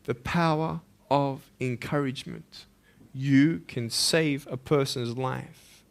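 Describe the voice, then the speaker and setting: A man in his thirties with an Australian accent, giving an impassioned motivational speech at a school assembly. He swings between loud pleading and hushed intensity. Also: mid-range voice, fairly even intonation, slow, creaky. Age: 30s. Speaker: motivational speaker.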